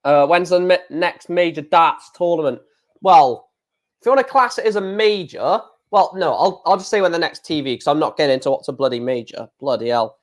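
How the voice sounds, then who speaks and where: Swearing, chatty man, slightly high. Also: brisk. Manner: blunt, frequently swearing and exclaiming. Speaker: darts live-streamer. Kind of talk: casual live-stream chat, reading viewer comments.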